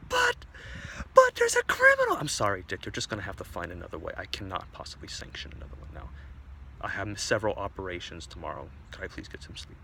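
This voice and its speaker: A man voicing a weary older male doctor in a told story, calm, patient and apologetic. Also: deep voice, quick pace, vocal fry, slight background noise, full character voice. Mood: hushed. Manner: patient, soft-spoken, drifting to a hush.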